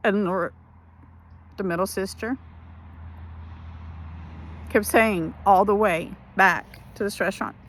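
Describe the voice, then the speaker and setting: Speaking at a medium pitch with fairly even intonation, a woman gives an emotional testimony about her life for a ministry. Her words come haltingly, with sentences often started over.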